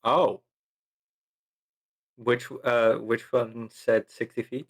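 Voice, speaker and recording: A man speaks at an unhurried, drawn-out pace as a player in a tabletop game. His voice sits at an ordinary middle pitch. He swears and laughs in exasperation. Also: flat delivery. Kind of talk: playing a tabletop game on a live stream.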